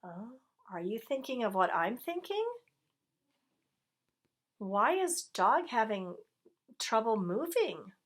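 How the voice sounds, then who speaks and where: Slow gentle storytelling woman. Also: a little high, very animated. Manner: gentle, asks listeners questions. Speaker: storyteller reading to children. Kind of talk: picture-book read-aloud.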